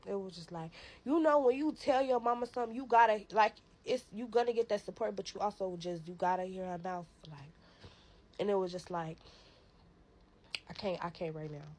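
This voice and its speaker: A young woman casually telling a dramatic personal story to her viewers, profane and animated, acting out her own shouting. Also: medium pitch, normal speed, poor audio.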